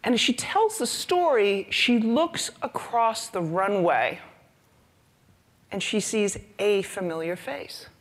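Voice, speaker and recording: A woman's voice: medium pitch, slow. A woman speaking to a conference audience. She tells her stories with humor and energy, building up to each point. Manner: storytelling, lively and humorous. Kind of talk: conference talk.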